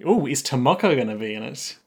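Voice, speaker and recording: A man's voice: medium pitch, expressive, fairly quick, creaky, slightly rough. A man co-hosting a podcast in casual chat, with dry, teasing remarks. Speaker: podcast co-host.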